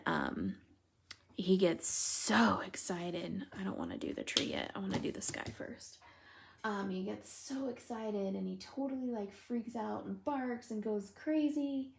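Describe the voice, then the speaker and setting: Gravelly, husky-voiced chatty woman. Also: mid-range voice. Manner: chatty, giggly storyteller, replying to viewers by name. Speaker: live stream host. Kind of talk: casual live-stream chat while coloring.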